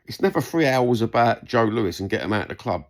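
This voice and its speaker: His voice is medium-pitched, animated and fast. A vlogger with a London accent, he answers a comment by ranting heatedly and swearing to camera, hammering the same points repeatedly.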